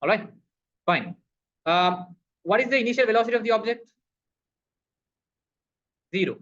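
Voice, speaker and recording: In a dull lo-fi recording of a physics lesson, a male teacher works through a problem, posing questions, answering them himself and addressing the students as "people". His high voice is expressive and fairly bright at normal speed, with slight background noise.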